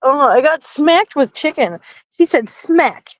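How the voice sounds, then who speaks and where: A woman's voice: high-pitched, animated, unhurried, rough recording. A middle-aged woman hosting a casual livestream outdoors at night, chatty and playful, laughing often and talking into a handheld phone. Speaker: livestream host.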